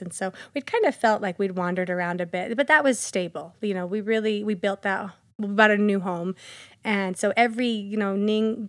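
Woman guest, mid-pitch, chatty storyteller who laughs easily, dry close-miked sound. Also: no echo. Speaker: podcast guest. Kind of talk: casual storytelling interview.

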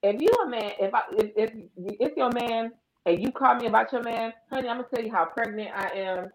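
A woman co-hosting a casual chat, telling animated stories and acting out both sides of phone calls. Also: on the high side, a little fast, echoey room, a little hiss or hum, low-quality recording. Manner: animated storyteller, acts out phone calls in other voices. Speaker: podcast co-host.

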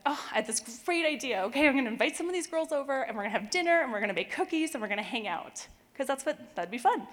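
A middle-aged woman with a somewhat high voice tells a personal faith story to a church audience. She gets emotional and laughs easily. Her voice rings out with long reverb in a large hall. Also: a bit bright. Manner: emotional, tearful at moments, laughs often. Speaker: church speaker sharing testimony. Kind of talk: personal testimony talk.

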